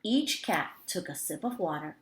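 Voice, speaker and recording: A woman teacher reading a picture book aloud to young children, with expressive storytelling. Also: fairly low pitch, moderate pace, a little hiss or hum. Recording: roomy echo.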